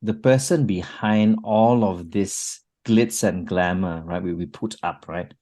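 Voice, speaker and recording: A man hosting a conversational interview, affirming his guest often with quiet yeses and murmurs. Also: sits low, a little slow. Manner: affirming, frequent yes and mm. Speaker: podcast host and interviewer.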